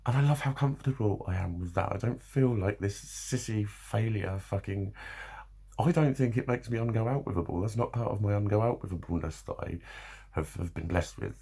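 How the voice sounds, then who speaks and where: A man's voice: fairly low pitch, fairly quick, vocal fry, mellow, breathy edge. A man vlogging in a loose, rambling monologue, swearing a lot and laughing often.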